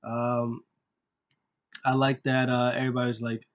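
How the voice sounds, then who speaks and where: A man talks through a wrestling episode in a loose, unscripted recap. He is enthusiastic and rambling, full of fillers, and he keeps slipping into quick impressions of what people said. His voice sits at an ordinary middle pitch. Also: little pitch movement, lo-fi sound. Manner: enthusiastic, rambling, many fillers, acts out quotes. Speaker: wrestling show recap host. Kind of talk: casual solo recap commentary.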